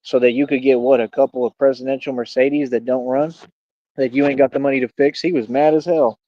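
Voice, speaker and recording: A man's voice: medium pitch, steady tone, brisk, muffled recording, a little hiss or hum. A man hosting a livestream, combatively mocking and taunting a rival in a heated rant. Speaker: livestream host.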